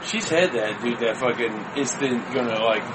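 A man's voice: mid-range voice, moderate pace, noisy background. A man who is a regular on a podcast, chatting casually, crude and boastful. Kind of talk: casual chat.

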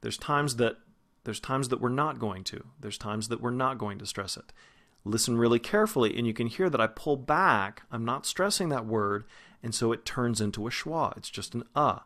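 A man who is a vocal coach, giving a pronunciation lesson and slowly demonstrating single sounds and words. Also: mid-range voice, animated, fairly bright tone. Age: adult, past grad school.

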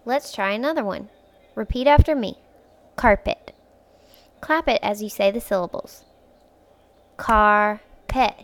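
A woman hosting a phonics lesson for young children, speaking clearly and patiently, stretching words out syllable by syllable and encouraging the listener. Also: a little high, expressive, moderate pace, pauses often. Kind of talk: slow, clear instructional speech for young children.

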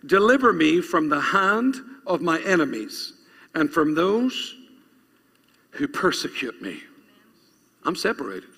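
A man's voice: fairly high pitch, big pitch swings, slow, gravelly, pauses often, a bit bright, breathy edge. A male pastor preaching a sermon, reading scripture aloud and urging the congregation to repeat lines after him. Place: church. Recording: long reverb of a church hall.

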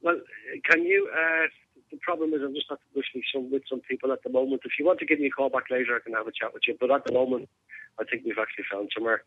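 A man's voice: medium pitch, very animated, fast. A man answering a phone call, guarded and asking short questions. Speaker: phone contact. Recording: tinny phone line.

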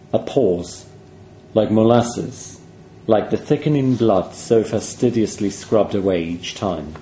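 A man reading a horror story aloud in a grave, hushed, measured way. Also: deep voice, slight background noise. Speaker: narrator.

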